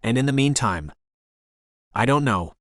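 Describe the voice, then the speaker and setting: A man's voice: medium pitch, expressive, a little slow, a bit bright, dry recording, clean studio sound. A male audiobook narrator voicing a hostile, tattooed older brother who talks in a sneering, mocking way. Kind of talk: audiobook character voice.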